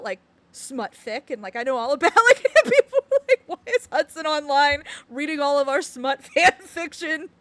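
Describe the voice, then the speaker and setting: A woman's voice: sits high, fairly bright tone. A woman streamer chatting casually and reading game text aloud, giggling often.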